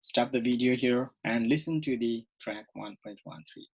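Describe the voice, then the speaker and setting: A man teaching a recorded online English lesson, speaking slowly and repeating words, often checking in with "okay?". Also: medium pitch, creaky, a little mellow, husky, muffled recording. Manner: slow, repetitive, checks in with "okay?".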